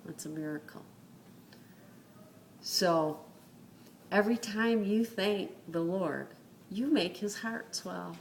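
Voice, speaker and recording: A woman's voice: mid-range voice, slow pace, gravelly, pauses often, slight background noise. A woman telling a personal faith story in an earnest, conversational way, with many fillers. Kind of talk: casual spoken testimony.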